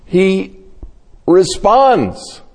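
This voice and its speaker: Slow-preaching man in a reverberant hall. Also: high voice, big pitch swings, darkish tone. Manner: slow, storytelling delivery acting out quoted voices. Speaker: pastor. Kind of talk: sermon.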